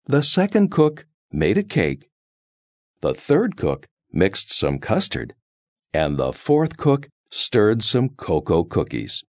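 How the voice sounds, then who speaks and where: Slow, sing-song male storyteller. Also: fairly low pitch, wildly swooping pitch, no room sound. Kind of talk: children's story read-aloud.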